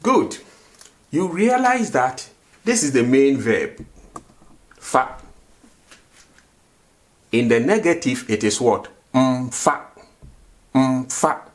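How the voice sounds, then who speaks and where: A man's voice: mid-range voice, very animated, slow, long pauses. A man teaching a grammar lesson, who asks questions and answers them himself and repeats words for drill. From Ghana. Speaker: language teacher.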